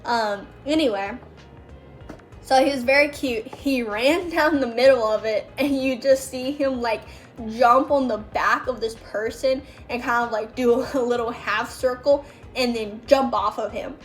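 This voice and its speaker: A woman's voice: on the high side, a little slow, soft background music. A young woman telling stories about working as a background extra, casual and chatty, full of fillers and quoted voices. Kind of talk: casual storytelling.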